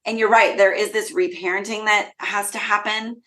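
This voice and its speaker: A woman's voice: mid-range voice, fairly even intonation, moderate pace, fairly bright tone, low-quality recording. A woman hosting a parenting podcast as a coach, speaking in an affirming, reflective way. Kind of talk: casual conversational interview.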